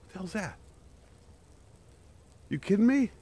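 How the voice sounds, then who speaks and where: A man's voice: high voice, sing-song, a little slow, dark tone, slightly rough. A man live-streaming a walk outdoors in a wooded park, talking casually through a camera on a selfie stick. He chats and laughs often, and jokes about the danger around him.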